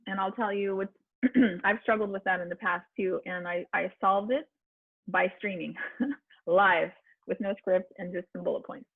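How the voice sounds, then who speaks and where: A woman's voice: mid-range voice, slightly rough, no echo. A woman voice coach teaching a public speaking class online, chatty and encouraging, with fillers and restarts. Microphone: video call. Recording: tinny video-call audio, dry.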